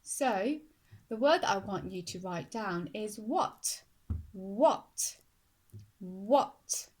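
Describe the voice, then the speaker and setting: A woman teaching a phonics lesson to young children, speaking slowly and clearly and sounding out words syllable by syllable. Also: mid-range voice, animated. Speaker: primary school teacher.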